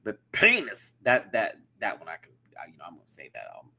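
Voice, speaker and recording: A man hosting a live review of a show in casual, animated, giggly chat. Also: deep voice, quick pace, creaky.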